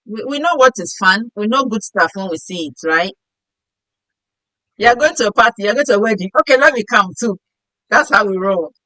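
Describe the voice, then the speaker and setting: A bright, forceful middle-aged woman from Africa hosts a casual interview chat. She is playful and quick to laugh, and sometimes acts out the voices of people in her stories. Her voice is recorded close and dry, with no room echo. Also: mid-range voice, expressive. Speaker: host.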